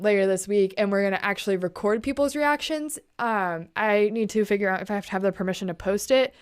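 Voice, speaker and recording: A woman's voice: medium pitch, clear, resonant tone. A young woman vlogging in a casual late-night chat, telling a story in a chatty, indignant, slangy way and keeping her voice down. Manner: keeps her voice down.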